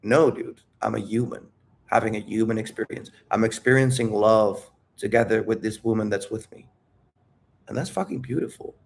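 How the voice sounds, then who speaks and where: A man's voice: lowish voice, moderate pace, creaky, a little hiss or hum. A man talking candidly about dating and his emotions, rambling and calling the listener "dude". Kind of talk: casual talk.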